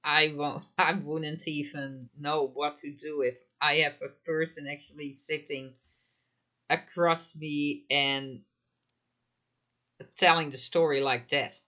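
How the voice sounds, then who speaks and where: A man's voice: fairly high pitch, level tone, takes it slowly, sharp tone, dull audio. A man commenting live in a casual chat, emphatic, firing off rhetorical questions and frequent fillers. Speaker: mental health commentator.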